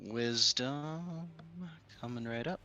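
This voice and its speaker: A man playing a tabletop game, answering rolls in an unhurried way. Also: mid-range voice, pushed and bright, soft background music. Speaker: player.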